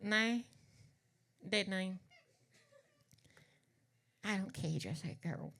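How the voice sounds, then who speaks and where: A woman's voice: mid-range voice, slow, vocal fry, a bit bright, a little hiss or hum. A woman from Southwest Virginia with an Appalachian accent, chatting on a venue stage between songs in a folksy, rambling way. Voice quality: folksy and rambling, says y'all, swears for emphasis. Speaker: singer and drag performer. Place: live music venue stage.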